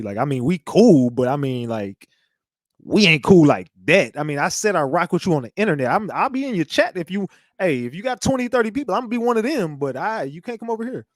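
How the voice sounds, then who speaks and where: A man's voice: fairly high pitch, animated, a little fast, no room sound, studio quality. A man hosting a live commentary show, talking in a rambling, profane way and repeating himself. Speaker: host.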